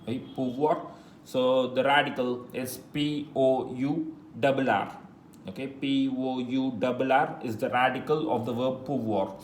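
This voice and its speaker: A man teaching a French lesson in English, patiently repeating phrases slowly and spelling words letter by letter. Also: medium pitch. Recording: echoey room with faint noise.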